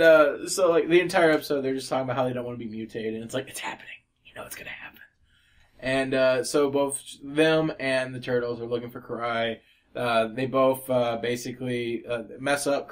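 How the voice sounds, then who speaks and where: Podcast co-host, male, casual and rambling, fillers galore, laughs a lot. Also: medium pitch. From United States. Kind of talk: casual chat.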